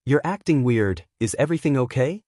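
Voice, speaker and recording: A sleepy, gruff male teacher who talks in a drowsy, curt way, as a man reading the story puts him on. The voice sits at a middle pitch in a dry, close recording, as in a storybook reading. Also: animated, fairly quick, dark tone, no echo, natural voice.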